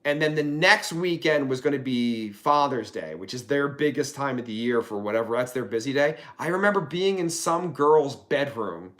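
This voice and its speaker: A man's voice: medium pitch, normal speed, hardly any pauses. A man, around his forties, from Pennsylvania, guesting on a podcast and telling a story casually, full of swearing and laughter. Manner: profane, animated, laughing storyteller.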